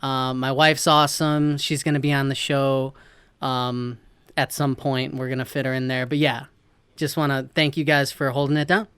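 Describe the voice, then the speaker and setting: A man's voice: medium pitch, little pitch movement, moderate pace, fairly bright tone, clean tone, no room sound. A man hosting a gaming podcast, talking casually and introducing the show like an announcer. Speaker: podcast host.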